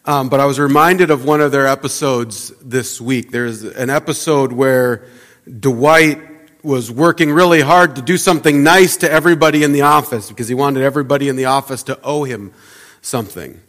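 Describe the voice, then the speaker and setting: A pastor giving a conversational sermon, often restarting and repeating words. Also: male voice, mid-range voice, normal speed, a bit bright, big-room sound.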